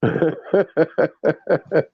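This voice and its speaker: A man's voice: fairly high pitch, fairly even intonation, extremely slow, gravelly, slightly rough, no echo, dull audio. A man who grew up speaking Spanish, chatting casually as a podcast host, rambling with many restarts and laughing often. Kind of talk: casual chat.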